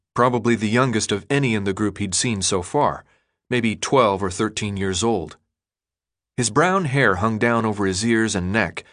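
An audiobook narrator with a lowish voice reads a novel aloud in an expressive, storytelling style. It's scripted narration, recorded with clean studio sound and no room sound.

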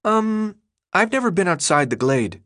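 A man voicing a chatty, evasive young boy who talks high and excited in a storybook reading. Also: measured pace, full character voice. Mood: uneasy.

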